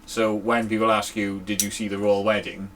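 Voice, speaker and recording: A man's voice: on the low side, little pitch movement, normal speed, fairly bright tone, slight background noise. A young man in casual podcast banter, blunt, sweary and grumbling. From Wales. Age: young adult. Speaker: podcast co-host.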